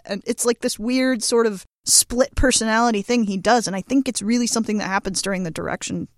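A woman's voice: on the high side, steady tone, brisk, hardly any pauses, no room sound, clean studio sound. A woman in casual podcast chat, rambling through her theory about a film. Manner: rambling, theorizing, acts out quotes. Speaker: podcast co-host.

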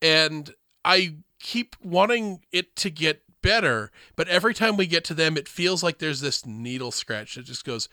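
A man in casual podcast chat reviewing a movie, sarcastic and animated, acting out lines in squeaky voices. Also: normal speed, hardly any pauses, no echo. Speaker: podcast co-host.

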